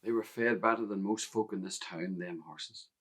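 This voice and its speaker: A man's voice: deep voice, moderate pace. A man playing a wistful Northern Irish stableboy. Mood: reflective. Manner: reflective, intimate, often hushed. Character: grown stableboy remembering his youth, wistful. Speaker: actor in a one-man play. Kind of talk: theatrical monologue narration.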